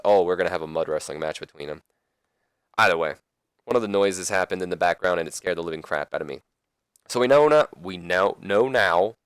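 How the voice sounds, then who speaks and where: A young man rambles through his commentary on a wrestling management game, tripping over words and fixing them. His voice sits low and comes across clear and smooth. The sound is dry and close. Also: a bit bright, dry recording. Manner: casual, rambling, self-correcting. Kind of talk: let's play commentary.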